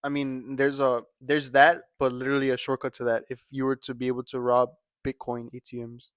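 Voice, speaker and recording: A man's voice: mid-range voice, completely flat delivery, brisk, a bit bright, dry recording, studio quality. A young man co-hosting a podcast, chatting casually and rambling through slangy stories full of fillers. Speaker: podcast co-host. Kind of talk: casual chat.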